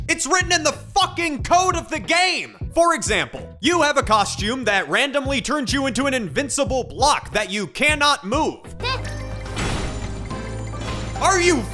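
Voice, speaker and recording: A young adult game reviewer tears into a disappointing game in a high, very lively voice that swoops up and down. The delivery is a profane comedic rant, breaking into yells again and again, with faint music underneath. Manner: explosive, swearing, yelling in bursts.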